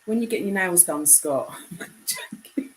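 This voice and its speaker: A young British woman chatting casually on a live stream, reading out viewer comments; her voice is deep enough to be mistaken for a man's. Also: wildly swooping pitch, measured pace, rough recording. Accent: British English. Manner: chatty, reads comments aloud.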